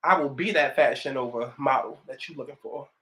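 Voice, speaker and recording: A woman's voice: extremely low pitch, brisk, fairly bright tone. A woman around thirty with a New York accent, chatting sassily and with lots of profanity while doing her makeup at home. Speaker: vlogger. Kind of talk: get-ready-with-me casual chat.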